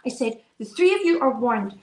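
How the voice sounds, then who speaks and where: Woman telling a story, bit high voice, doing the kids' voices, echoey room. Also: moderate pace. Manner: animated storytelling, acting out her kids' voices. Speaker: podcast co-host. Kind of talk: casual chat. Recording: roomy echo.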